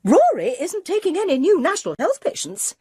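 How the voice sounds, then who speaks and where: A woman's voice: very high-pitched, wildly swooping pitch, brisk, warm tone, no echo, studio quality, voice pushed up, exaggerated voice. A woman voicing a peevish, curt woman who is a dentist's wife.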